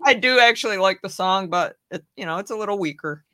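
A man's voice: high-pitched, fast, pushed and bright, no room sound, studio quality. A man co-hosting a casual chat, reacting with enthusiasm. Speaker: podcast co-host.

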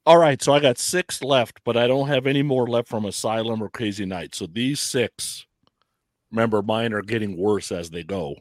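A man co-hosting a casual chat, talking in a drawn-out, explanatory way. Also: lowish voice, no room sound. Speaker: podcast co-host.

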